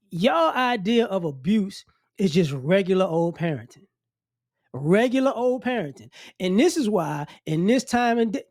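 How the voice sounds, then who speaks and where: A man's voice: high voice, darkish tone, no echo, studio quality. A man hosting an opinion rant to camera, blunt and scolding, mocking the people he talks about and repeating his points. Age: adult. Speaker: commentary channel host.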